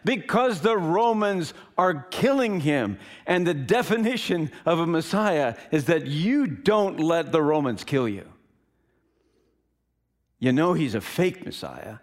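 Animated preaching man with lively pitch. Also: unhurried. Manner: dramatic, emphatic preaching with sudden swings in loudness. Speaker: pastor. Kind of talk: sermon.

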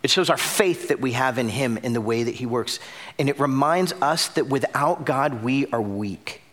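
A young adult man preaching a sermon as pastor, telling a story with loud bursts and hushed drops. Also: medium pitch, moderate pace.

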